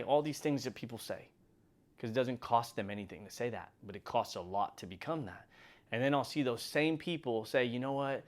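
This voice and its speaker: A middle-aged man giving an emphatic motivational talk as the host, building from calm reflection to near shouting. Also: mid-range voice, moderate pace. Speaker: motivational speaker.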